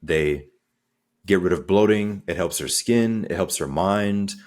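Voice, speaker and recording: A man speaking as a coach in a podcast interview, energetic and conversational, acting out little quotes as he talks. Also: low voice, measured pace. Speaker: guest, transformational coach.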